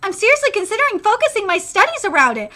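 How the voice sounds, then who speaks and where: A woman reading the lines of a calm teenage boy, a retired wrestler, in a plain even way. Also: very high-pitched, fast, heavy background noise. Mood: resigned.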